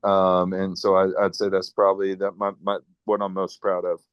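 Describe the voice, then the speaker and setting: Low, flat-voiced American football coach. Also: male voice, clean tone, no room sound, highs cut off. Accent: American Midwestern. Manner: halting, many fillers and restarts. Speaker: high school football head coach. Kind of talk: radio interview.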